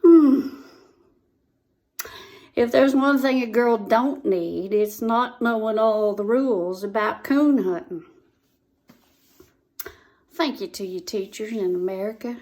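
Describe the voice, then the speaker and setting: A woman's voice: fairly high pitch, takes it slowly, long pauses, darkish tone. A woman telling a folksy comic story in a drawl, repeating words for effect.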